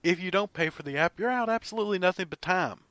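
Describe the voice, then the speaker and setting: A man co-hosting a podcast, chatting casually and telling animated stories with frequent laughter. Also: sits high, quick pace, dry recording. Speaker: podcast co-host and producer.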